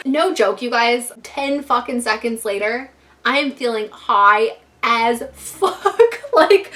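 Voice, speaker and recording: A young woman telling a casual storytime to camera, animated and profane, laughing often. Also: on the high side, unhurried. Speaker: vlogger.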